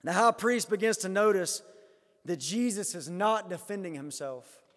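A man preaching a sermon as a pastor, swinging between loud emphatic rises and quiet hushed lines. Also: sits high, expressive, normal speed, in a large hall.

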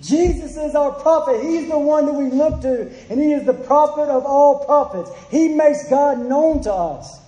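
A man preaches a sermon in a high, bright-pitched voice that still carries a mellow warmth. He presses his points with mounting fervor. The sound rings in an echoey room. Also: normal speed, few pauses. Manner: impassioned preaching, drops to a hushed prayer. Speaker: pastor.

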